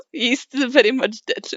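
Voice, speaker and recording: A woman's voice: high voice, pushed and bright, dry recording, muffled recording. A woman hosting a game playthrough, chatting playfully and giggling with a friend. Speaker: let's play host. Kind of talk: casual chat over a game.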